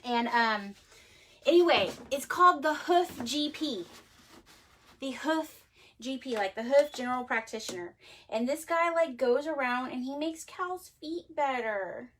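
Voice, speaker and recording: A woman's voice: high-pitched, animated, a little slow, fairly bright tone, slight background noise. Chatty, rambling woman host. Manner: chatty and rambling, heavy use of "like"; laughs easily and often. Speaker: host of a handmade cosmetics show. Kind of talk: casual livestream demonstration.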